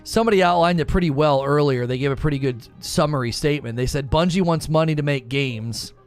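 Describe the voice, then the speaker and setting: A man's voice: on the high side, fast, soft background music. A man hosting a gaming live stream, talking casually, rambling, joking and repeating himself as he reads chat.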